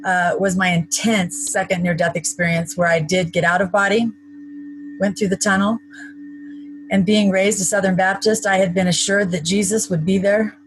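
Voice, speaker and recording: A woman's voice: medium pitch, little pitch movement, normal speed, slight background noise, poor audio. Chatty woman telling a personal story. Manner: chatty, matter-of-fact, with wry asides. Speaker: interview guest. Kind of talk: recounting a personal story in conversation.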